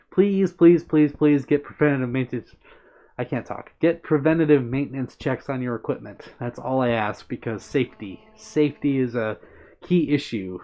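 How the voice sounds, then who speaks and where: This man hosts a live stream, keeping things upbeat and casual as he replies to viewers by name from the chat. He has a medium-pitched, darkish voice, and the sound quality is dull and lo-fi.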